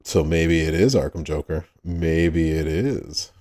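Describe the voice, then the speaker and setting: A man's voice: extremely low pitch, slow pace, mellow. A man hosting a casual livestream, greeting chat viewers by name and laughing often. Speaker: livestream host.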